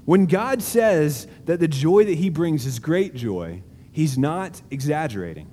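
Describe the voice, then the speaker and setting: A male pastor preaches in a large auditorium, leaning hard on key words and letting pauses hang. His voice sits a little high but sounds warm and mellow. A long hall reverb trails each phrase, with faint room ambience underneath. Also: sing-song. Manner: emphatic, slow deliberate preaching with dramatic pauses. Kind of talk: sermon.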